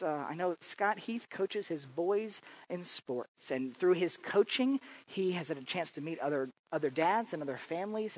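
A man with a fairly high voice gives an informal church talk on a rough recording. He is a church speaker and improv teacher who tells chatty, humorous stories full of fillers and restarts.

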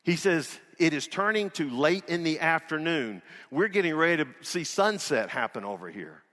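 A man's voice: on the high side, sing-song, moderate pace, pushed and bright, long reverb tail. A man preaching a sermon as pastor in a church, folksy and joking, retelling scripture in a casual voice. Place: church sanctuary.

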